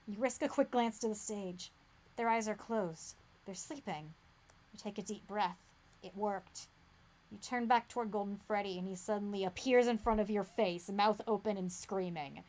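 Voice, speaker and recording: A woman acting as game master, reading a gamebook aloud with dramatic suspense that drops to a hush. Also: medium pitch, moderate pace.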